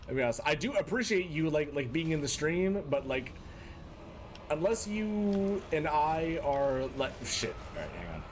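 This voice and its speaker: Gaming live, this man chats with his viewers in a fake Boston and New York accent, dropping mock-tough asides mid-play. His voice runs on the high side and sounds sing-song at normal speed, over slight background noise.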